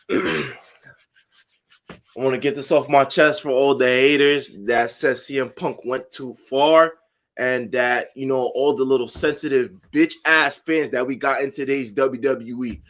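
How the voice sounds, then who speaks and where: A man's voice: mid-range voice, steady tone, measured pace, fairly bright tone. A man co-hosting a podcast, casual chat that turns into heated, profane ranting. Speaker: podcast co-host.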